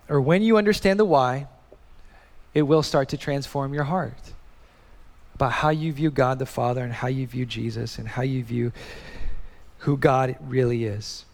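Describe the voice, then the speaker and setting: A man preaching a sermon as pastor, emphatic, repeating key phrases and asking rhetorical questions, in a church sanctuary. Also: mid-range voice. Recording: long hall reverb.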